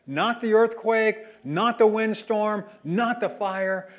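A man preaching a sermon as a pastor, emphatic, swinging between loud and soft delivery. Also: high voice, lively intonation, normal speed, hardly any pauses.

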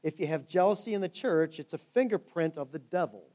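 A man's voice: on the high side, fairly quick, a little mellow. A male pastor preaching a sermon, telling stories with fervent rises and drops in volume. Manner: fervent storytelling preacher, rising and falling in volume.

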